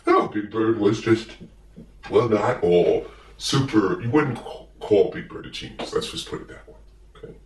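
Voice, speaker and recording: A man's voice: fairly low pitch, moderate pace, reverberant, far from the mic, a little hiss or hum. Rambling man telling a comic story. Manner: meandering, full of fillers and self-corrections. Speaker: comedic storyteller.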